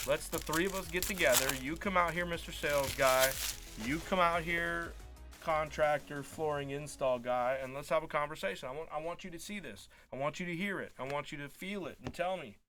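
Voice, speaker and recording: A man's voice: fairly high pitch, fairly quick. A man telling a long, frustrated story in casual live-stream chat as a card break host, acting out quoted dialogue. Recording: faint music behind.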